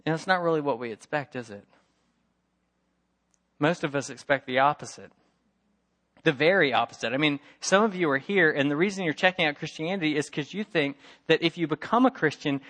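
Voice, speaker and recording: A man's voice: on the high side, animated, a little fast, a bit bright. A middle-aged man preaching a sermon, telling a story with emphatic repetition and acting out the voices of its characters. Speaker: pastor.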